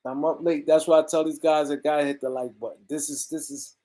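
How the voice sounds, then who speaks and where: A man's voice: a little high, little pitch movement, fast talker, mellow. A man hosting a casual sports talk show, ranting emphatically and repeating himself as he rambles through his points. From US East Coast. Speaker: host. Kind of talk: casual sports commentary rant.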